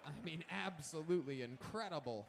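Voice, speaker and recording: A slightly high-voiced man hosts a live comedy show, roasting his guest with crude, mocking jokes. The recording is noisy, with clear background sound under him throughout. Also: animated, fairly quick, a faint crowd.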